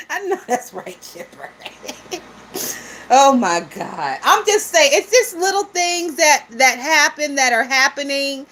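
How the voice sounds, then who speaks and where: A woman's voice: high-pitched, animated, slow, a bit bright. A woman hosting a gossip livestream, talking casually and profanely with lots of laughter and mocking asides while reading viewer comments.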